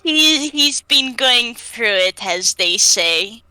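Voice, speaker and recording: A woman's voice: fairly high pitch, animated, slow, pushed and bright, clean tone, no echo. A woman chatting casually as a player in a tabletop game, easygoing and rambling. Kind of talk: casual chat between players.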